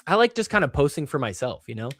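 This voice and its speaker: A man's voice: very animated, fast talker, fairly bright tone, no echo. A young man hosting a show, talking casually and rambling with many fillers, poking fun at himself. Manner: acts out quoted fans in a higher voice. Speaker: show host. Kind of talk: casual solo chat.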